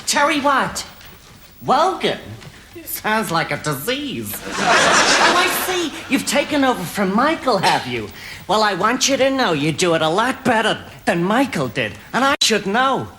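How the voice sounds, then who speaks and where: A man playing a vain, flirty female film star in a studio sketch, talking in a breathy, gushing put-on voice full of innuendo. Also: sits high, very animated, a little slow, background noise. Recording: loud studio audience laughter. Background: laughing studio audience.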